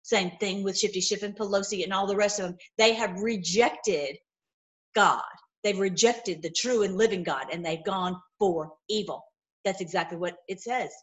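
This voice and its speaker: A woman giving an informal, impassioned sermon, swinging between loud outbursts and low murmurs, with many repeated words. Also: normal speed. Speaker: preacher.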